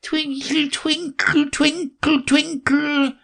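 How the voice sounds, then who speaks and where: A man voicing a small, sleepy dormouse with a hoarse, feeble voice in an audiobook. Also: very high-pitched, big pitch swings, a bit bright, pitched above the performer's own voice, full character voice. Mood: sleep-singing. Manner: drowsy, slow. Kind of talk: audiobook character voice.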